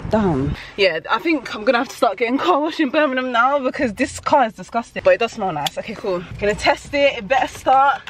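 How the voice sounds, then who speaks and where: A young woman, vlogging in casual chat straight to camera, animated and talkative. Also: a little high, fairly quick, few pauses, low-quality recording. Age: young adult.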